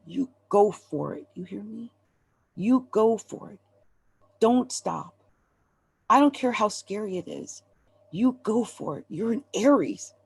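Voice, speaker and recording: A woman gives a live tarot reading in a mid-pitched voice, speaking straight to her viewers. She is emphatic and urgent as she urges them not to give up, and at times she is close to tears. The sound is dry, with no room echo. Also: animated, slow, vocal fry, pauses often, darkish tone, breathy edge. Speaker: astrologer and tarot reader.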